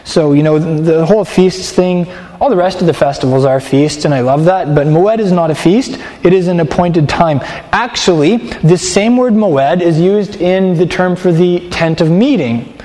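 Teaching a sermon in a large hall, a man with a high-sitting, mellow voice keeps it conversational. His delivery is halting, as he frequently stops and restarts his phrases.

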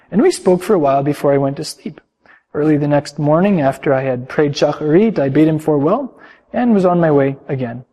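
A man with a husky, dark voice tells a story as part of a sermon, measured and soft-spoken, often trailing off quietly. His voice carries a long reverb from a congregation hall. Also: fairly high pitch. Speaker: preacher.

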